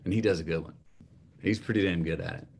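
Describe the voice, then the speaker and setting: A man in his fifties, a guest telling an anecdote in an animated way and laughing along with it. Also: low-pitched, quick pace, creaky, slightly rough. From Texas. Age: 50s. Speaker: guest, memoir author. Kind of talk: anecdotal storytelling.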